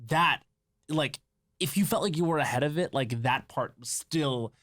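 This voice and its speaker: A man's voice: on the high side, moderate pace, fairly bright tone, no room sound, studio quality. A man co-hosting a podcast, talking eagerly and rambling with many fillers. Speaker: podcast co-host. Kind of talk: casual podcast chat.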